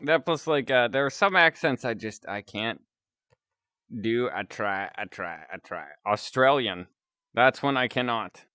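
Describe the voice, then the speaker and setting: A man's voice: mid-range voice, animated, unhurried, bright, forceful tone, clear, resonant tone, dry recording, studio quality. A man chatting casually on a live stream, rambling and chuckling between remarks.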